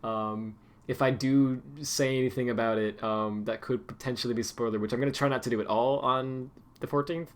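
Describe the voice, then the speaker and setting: A man's voice: medium pitch, steady tone, normal speed. Rambling male streamer, casual chat. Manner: rambling, many fillers and restarts.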